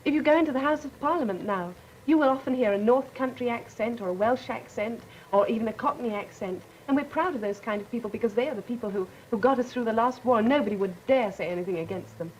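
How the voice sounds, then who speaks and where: A woman's voice: on the high side, a little mellow, a little hiss or hum, poor audio. A teenage girl from England with an English accent, speaking articulately as a student panelist. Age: teens. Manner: quick, articulate.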